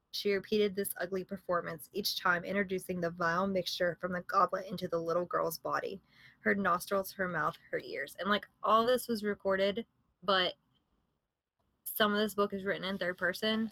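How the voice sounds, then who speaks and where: A woman's voice: medium pitch, fairly bright tone, no echo. A woman podcast host in casual storytelling, retelling and reading from a book, conversational with fillers and self-corrections.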